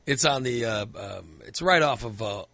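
A man's voice: mid-range voice, animated, normal speed, gravelly, bright, forceful tone, dry recording. A man in his forties telling a long, rambling story in casual chat, full of fillers and restarts. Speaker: storyteller in a conversation. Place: indoors at a computer.

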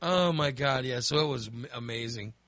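Bright, animated middle-aged man chatting. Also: mid-range voice, moderate pace, no echo. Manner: animated storyteller, acts out his own reactions. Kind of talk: casual chat.

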